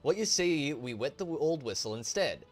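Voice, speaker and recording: A man voicing a rough crew of bickering male smugglers who end up shouting in panic, full of rough slang. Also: fairly high pitch, very animated, normal speed, soft background music, voice pushed up. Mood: panicked.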